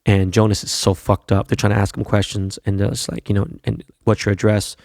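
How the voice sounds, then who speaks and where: A man's voice: lowish voice, little pitch movement, quick pace, creaky, darkish tone, no room sound, clean studio sound. A man hosting a podcast, telling a long, profane, rambling anecdote full of fillers. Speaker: podcast host. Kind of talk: casual storytelling monologue.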